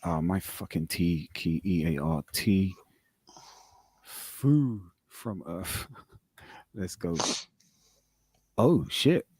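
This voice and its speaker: A man's voice: low-pitched, lively intonation, drawn-out words, pauses often, a little mellow, husky, no echo. A man on a live podcast call, arguing casually, swearing and reading aloud off his screen. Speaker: podcast host.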